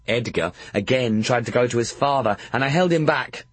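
A man's voice: medium pitch, normal speed, few pauses, breathy edge, dry recording. A man narrating a first-person audiobook in a wry, dry storytelling manner.

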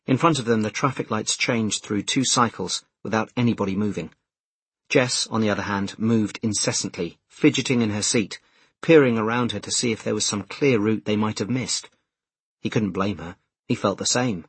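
A man narrating an audiobook in a measured, expressive storytelling manner. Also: fairly low pitch, vocal fry, slightly rough, no room sound.

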